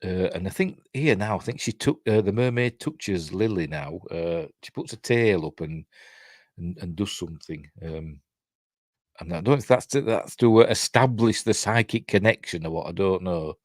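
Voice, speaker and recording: A man with a Yorkshire accent and a deep, low voice gives a rambling film commentary. He talks casually, full of ums and side remarks. The recording is close and dry, with no room sound. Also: lively intonation, normal speed, darkish tone, no echo. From Yorkshire, England. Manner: rambling, filler-heavy, chatty asides. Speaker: film review host.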